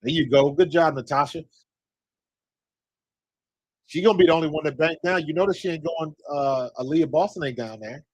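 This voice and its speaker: An excitable man calls a basketball game live as a fan, shouting advice and complaints at the players on screen. His voice sits a little high and sounds husky, and the sound is dry and close with no room echo. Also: normal speed, long pauses. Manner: excitable, talks to players on screen, coaching and scolding. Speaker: fan commentator. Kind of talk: live watch-along commentary.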